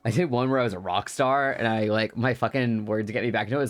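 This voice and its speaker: A man's voice: medium pitch, quick pace, soft background music. A man streaming a game, chatting casually about voice work in a rambling, laughing way with many fillers. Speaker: streamer and voice actor.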